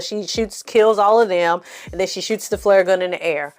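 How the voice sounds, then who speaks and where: A woman hosts a casual film recap, telling the story bluntly and with plenty of swearing. Her voice sits at a middle pitch and she sounds openly exasperated. Faint music plays softly behind her. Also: normal speed. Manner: blunt, profane, exasperated storytelling with acted-out quotes. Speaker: film review host.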